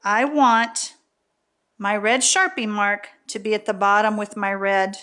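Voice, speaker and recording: A woman's voice: medium pitch, a little slow, bright, forceful tone. A woman demonstrating a paper craft in a casual, chatty tutorial, often checking in with "okay?". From Texas.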